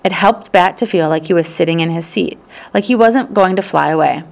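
A woman reading a children's novel aloud as narrator, telling the story in a steady, even way. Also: fairly low pitch, a little fast, creaky. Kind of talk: audiobook narration.

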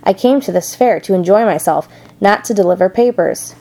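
A woman voicing a sneering, greedy male rat in a storybook reading, in a mellow voice. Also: medium pitch, normal speed, close to an everyday voice.

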